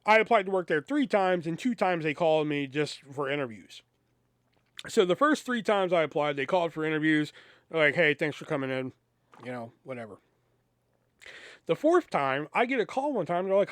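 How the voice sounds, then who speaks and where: A man with a fairly high, smooth and resonant voice tells a rambling story in a casual, profane way, playing every part in the conversations. The sound is dry and close. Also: brisk, pauses often, dry recording. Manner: animated, profane, acts out both sides of conversations. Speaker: podcast host.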